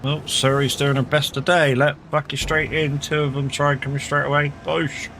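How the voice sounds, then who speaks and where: A man's voice: mid-range voice, little pitch movement, moderate pace, a bit bright, a little hiss or hum. A man streaming a farming game live, chatting casually with viewers, laid-back and swearing freely. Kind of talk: casual live gameplay chat.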